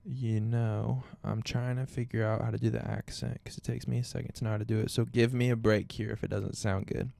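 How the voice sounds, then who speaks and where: A man's voice: lowish voice, flat delivery, brisk, creaky, few pauses, warm tone. A young man hosting a podcast in casual chat, playful and joking around with silly voices. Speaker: podcast host.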